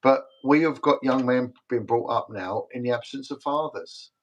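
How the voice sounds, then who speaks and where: A man's voice: mid-range voice, moderate pace, highs cut off. A middle-aged British man, a retired detective, talking as a guest in a casual livestream interview, emphatic and repetitive, rambling from story to story. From Britain.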